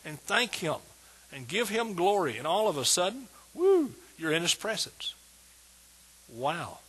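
Emphatic pastor preaching with a husky voice. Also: male voice, sits high, big pitch swings, unhurried, a bit bright. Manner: emphatic preaching, repeats words with rising intensity. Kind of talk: sermon.

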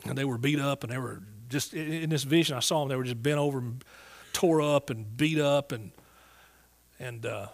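A man with a Southern US accent tells a church congregation how he was called to be a Bible teacher, folksy and earnest, restarting now and then. His voice is mid-range and creaky, at a normal speed. It's a sermon testimony delivered during a church service.

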